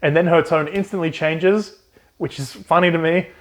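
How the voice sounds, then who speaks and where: A young man co-hosting a casual book recap, swearing freely and quickly acting out the characters in put-on voices. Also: a little high, fairly even intonation. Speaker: podcast co-host.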